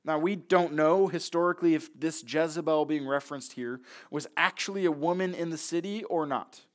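High-voiced male pastor preaching casually. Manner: conversational preaching, acts out voices of people in the story. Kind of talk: sermon.

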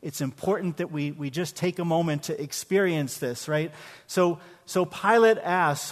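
A man's voice: on the high side, a little slow. A man preaching a sermon to his congregation in a church, talking conversationally, often repeating words as he starts a phrase, and asking his listeners questions. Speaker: pastor. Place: church sanctuary. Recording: long hall reverb.

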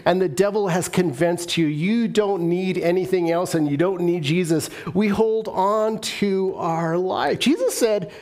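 A man with a high-pitched voice preaches a sermon. He drives his points home by repeating them and slips into the voices of reluctant believers. He calls on the congregation to answer back. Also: measured pace, few pauses, a little mellow. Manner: emphatic and repetitive, acts out the voices of reluctant believers; leads the congregation in call-and-response. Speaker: pastor.

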